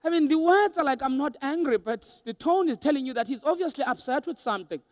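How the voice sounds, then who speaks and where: A young adult man giving an animated motivational keynote to a large audience, acting out voices for laughs. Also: extremely high pitch, fast talker, no echo. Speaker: motivational speaker. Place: large hall with a live audience.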